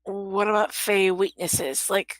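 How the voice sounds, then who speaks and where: A woman playing a tabletop game, asking measured questions in character. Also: mid-range voice, fairly even intonation, no echo, poor audio. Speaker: player. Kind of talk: tabletop role-play.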